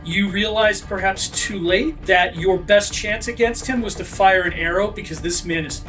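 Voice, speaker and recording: A man as game master, narrating a tabletop role-playing fight with energetic delivery and shouted sound effects. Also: high voice, moderate pace, soft background music.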